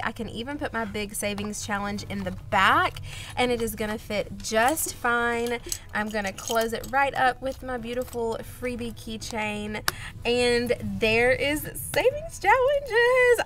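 Young woman, kinda high voice, squealy and gushy, casual unboxing vlog. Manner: gushing, excitable, gasping with delight. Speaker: budget vlogger.

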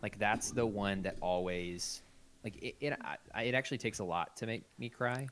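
A man's voice: on the low side, normal speed, fairly bright tone, a little hiss or hum. A man hosting a podcast in casual chat, introducing voicemails and laughing easily with his co-hosts. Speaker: podcast host.

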